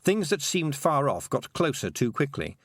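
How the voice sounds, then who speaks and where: A man narrating an audiobook with expressive storytelling. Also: mid-range voice, moderate pace, breathy edge, no room sound, clean studio sound. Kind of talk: scripted narration.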